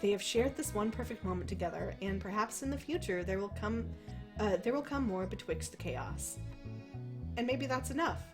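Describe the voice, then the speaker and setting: A woman's voice: mid-range voice, moderate pace, over music. A young woman playing through a visual novel, reading its narration aloud and breaking off into rambling, swear-filled commentary. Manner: animated, swears freely, rambles. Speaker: let's play host.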